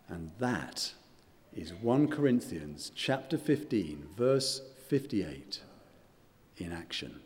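An older man preaching a sermon as pastor, earnest and measured, letting his voice fall softly at the ends of phrases. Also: low-pitched, sing-song. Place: church. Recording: reverberant church hall.

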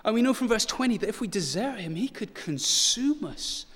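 Male preacher, 30s, fairly high voice, earnest with a wry streak; long echo of a church. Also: expressive, moderate pace, a bit bright. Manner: earnest, rises to urgent emphasis, with light self-deprecating humor. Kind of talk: sermon. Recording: long hall reverb.

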